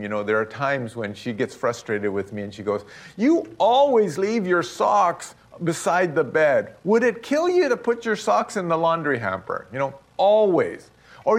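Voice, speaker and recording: A middle-aged man delivers a sermon in a mid-range voice. His pitch swings widely as he stresses points and acts out the lines he quotes. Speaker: pastor.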